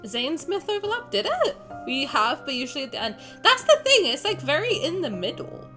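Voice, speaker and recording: Woman streamer, animated voice, higher pitch, chatty, gushing, faint game music under. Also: fairly quick. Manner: chatty, excitable, swearing, gushing. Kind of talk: casual game reaction stream.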